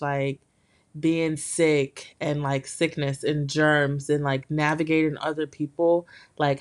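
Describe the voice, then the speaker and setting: A young woman hosting a solo podcast, talking candidly in a rambling way with lots of fillers, her voice a bit hoarse from being sick. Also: low-pitched. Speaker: podcast host. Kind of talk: casual solo podcast talk.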